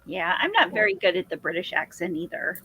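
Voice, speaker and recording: A woman's voice: on the low side, sing-song, brisk, sharp tone, breathy edge, no room sound, low-quality recording. A woman co-hosting a casual crochet live show over a video call, playful and teasing. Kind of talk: casual chat.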